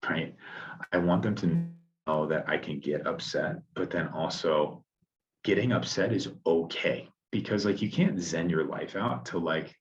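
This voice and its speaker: A man talking reflectively in a casual podcast conversation, a father thinking out loud with restarts. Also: sits low, measured pace, lo-fi sound.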